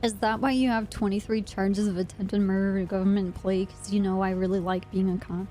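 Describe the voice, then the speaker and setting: A woman's voice: medium pitch, flat delivery, fairly quick, mellow, faint music behind. Teasing woman in role-play chat. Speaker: cop character in role-play.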